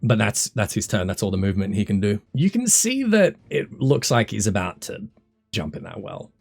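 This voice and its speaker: A man's voice: lowish voice, big pitch swings, moderate pace, gravelly, a little mellow, soft background music. A man narrating as dungeon master over a voice call, describing the scene with many fillers and restarts. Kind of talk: narrating a tabletop game.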